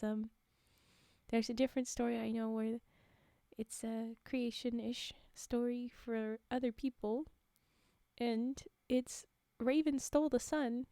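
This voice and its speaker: A woman's voice: on the high side, dark tone, no echo, studio quality. A young adult woman reading folktales on a livestream, breaking off into giggly, chatty asides. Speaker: livestream storyteller.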